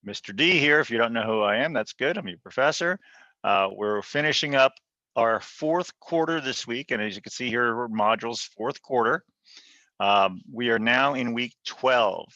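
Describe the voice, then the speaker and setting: A man's voice: on the low side, sharp tone, no room sound. A male college geography professor leading a recorded online class session in a casual, joking way, thinking aloud as he goes. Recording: slightly dull video-call audio.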